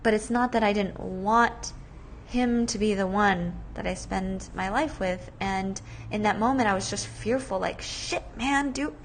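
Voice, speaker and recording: A woman in her thirties hosting a podcast, telling a personal story in a chatty, animated way with many fillers. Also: medium pitch, a little slow, slight background noise. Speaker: podcast host.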